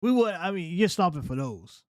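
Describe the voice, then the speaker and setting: A man talks through political history in an unscripted reaction commentary. He is emphatic and keeps turning to the listener with "right?". His voice sits a little high, and the sound is dry and close to the mic. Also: very animated, normal speed, clean tone, dry recording.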